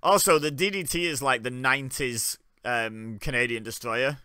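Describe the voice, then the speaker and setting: A man's voice: mid-range voice, moderate pace, pushed and bright, smooth, no room sound, clean studio sound. A young man giving wry, joking commentary while watching along, often laughing. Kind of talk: casual live commentary.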